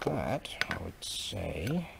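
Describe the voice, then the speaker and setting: A man with an Australian accent, rambling casually and excitedly as he shows off items he sells. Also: deep voice, drawn-out words, gravelly, very noisy. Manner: rambling, excitable, slangy, with frequent restarts. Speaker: online seller showing items. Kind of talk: casual rambling show-and-tell.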